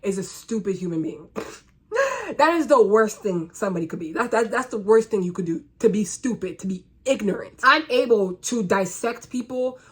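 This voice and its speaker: A woman's voice: mid-range voice, normal speed, slightly rough. A young woman vlogger from the United States, ranting to camera in a loose, casual monologue. She is blunt and sarcastic, and she swears freely.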